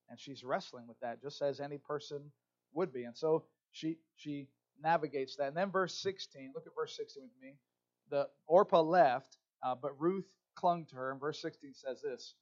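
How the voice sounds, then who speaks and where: A pastor delivers a sermon in a fairly high male voice, walking his listeners through scripture. He reads passages with swelling emphasis and breaks off to address the congregation directly. The sound is slightly dull and lo-fi. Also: a little mellow. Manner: expository preaching with asides to the congregation.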